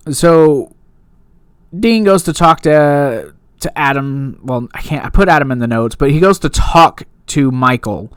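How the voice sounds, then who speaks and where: A man's voice: medium pitch, a bit bright, clean tone, no echo, clean studio sound. A man giving a casual, rambling recap and review of a TV episode, full of fillers and asides.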